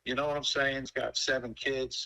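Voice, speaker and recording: A man's voice: mid-range voice, little pitch movement, brisk, vocal fry, bright, forceful tone, low-quality recording. A man in his sixties who owns a pool company, talking casually and emphatically in a folksy, storytelling way. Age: 60s. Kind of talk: casual sales call.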